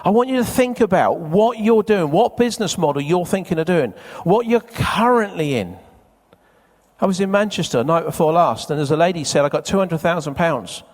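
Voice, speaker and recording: A man speaks live at a seminar and keeps questioning and teasing the crowd. His voice sits high and swings widely. It carries a long reverb of a big hall. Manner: chatty, teasing, quizzes the crowd. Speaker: event speaker. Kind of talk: live seminar talk to an audience. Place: conference hall with a live audience.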